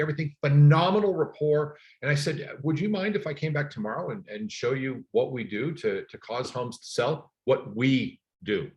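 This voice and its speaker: A middle-aged man leads a training session for agents, speaking in an emphatic, coaching way. His voice sits at an ordinary mid pitch for a man. He often drives a point home with short repeated words. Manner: energetic, emphatic coaching with personal stories. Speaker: real estate trainer.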